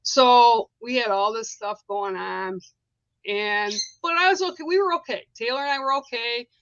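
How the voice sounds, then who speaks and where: A woman's voice: a little high, moderate pace, a bit bright, dull audio. A woman hosting a spiritual live stream, telling a personal story in a casual, rambling way with lots of fillers. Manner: chatty, rambling, many fillers.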